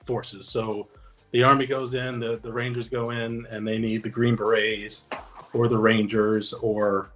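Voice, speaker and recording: A former Navy special operator guests on an interview podcast, telling stories in an easygoing, anecdotal way and acting out the dialogue. His voice is mid-range, and the audio is poor. It's casual interview storytelling.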